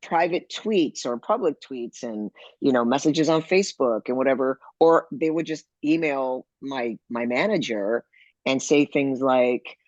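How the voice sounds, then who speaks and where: A man speaking as a podcast guest, telling personal stories in a lively way and acting out the people he quotes. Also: mid-range voice, measured pace, no echo, lo-fi sound. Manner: animated, acts out quoted people. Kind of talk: conversational storytelling.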